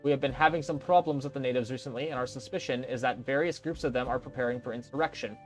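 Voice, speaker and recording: A man's voice: medium pitch, quick pace, faint music behind, natural voice. A man voicing a pompous colonial governor. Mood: imperious. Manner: pompous, commanding, scolding. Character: haughty, condescending male colonial governor.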